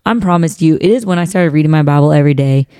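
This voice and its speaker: A young woman with a low, mellow voice shares personal examples in relaxed podcast chat. She speaks warmly and encouragingly and keeps saying "y'all." Her voice sounds close and dry. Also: very fast, smooth, dry recording. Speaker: podcast co-host. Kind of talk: casual faith podcast chat.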